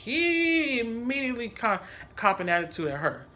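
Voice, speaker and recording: Casting: male vlogger with a lively, bright voice telling a story in a casual, profane way. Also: very high voice, moderate pace.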